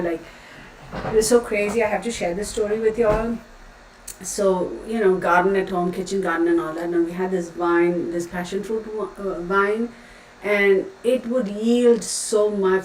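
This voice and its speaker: Hosting a laid-back tarot livestream, a woman with a medium-pitched voice rambles and reads out comments from her live viewers. The mic is distant, so her voice sounds off-mic in an echoey room with faint room noise.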